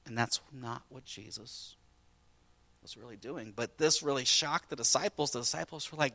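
A man preaching a sermon as a pastor, telling stories in a lively way that swings between loud and quiet. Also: mid-range voice, moderate pace, creaky.

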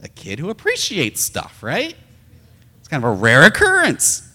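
A middle-aged male pastor giving an animated sermon, swinging between loud emphasis and soft, intimate talk. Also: a little high, moderate pace, long reverb tail.

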